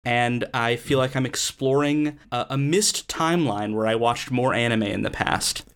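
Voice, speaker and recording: A man's voice: mid-range voice, normal speed, smooth. A man co-hosting a casual podcast chat with wry, teasing remarks. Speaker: podcast co-host.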